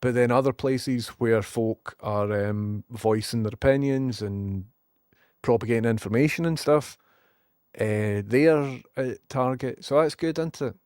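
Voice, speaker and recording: A man's voice: mid-range voice, unhurried, a little mellow, clear, resonant tone, dry recording, clean studio sound. A man with a Scottish accent, ranting sarcastically and rambling as he chats to his live-stream viewers, swearing freely. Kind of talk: casual live-stream rant.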